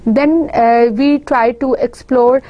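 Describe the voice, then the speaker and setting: A woman with a Pakistani English accent giving a university lecture, explaining slowly and repeating the example words. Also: a little high, steady tone, dry recording, muffled recording.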